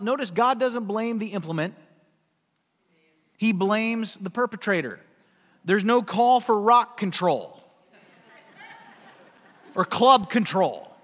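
A man's voice: sits high, fairly bright tone, big-room sound. A man preaching a sermon, emphatic and full of rhetorical questions. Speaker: pastor.

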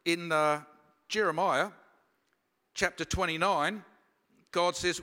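A high, bright man preaching a sermon, reflective and unhurried, leaning into his stories. His voice carries a long reverb from a big hall. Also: expressive. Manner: reflective, slows down for emphasis. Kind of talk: sermon with personal storytelling.

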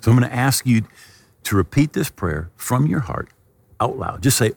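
A man's voice: mid-range voice, lively intonation, normal speed, gravelly, a little mellow, breathy edge, in a large hall. A man preaching a television sermon, telling a personal story and leading viewers in prayer. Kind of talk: sermon with altar call.

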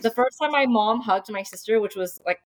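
Over the noise of a loud crowd, a young woman author speaks briskly in a slightly high voice as a podcast guest. She reflects sincerely on her family, often stumbling with fillers and starting over, in a casual interview setting.

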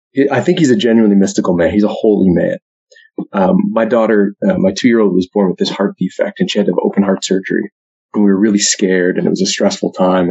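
A man, talking casually about faith, full of "like" and "right?", loud when he acts out quotes. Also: lowish voice, gravelly, breathy edge. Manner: conversational, says "like" and "right?" a lot, acts out quotes loudly. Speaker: speaker. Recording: muffled lo-fi recording.

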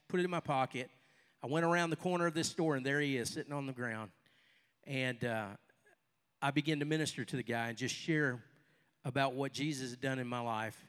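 An older man, a pastor, preaching a sermon and telling stories, with sudden loud bursts and quieter asides. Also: a little high. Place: church hall with a congregation. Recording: long reverb of a large hall.

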